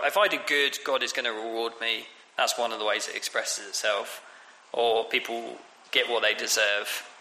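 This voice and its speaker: A man's voice: mid-range voice, pushed and bright, slight background noise. A man preaching a conversational sermon on scripture, with frequent fillers and restarts. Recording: echoey hall with long reverb.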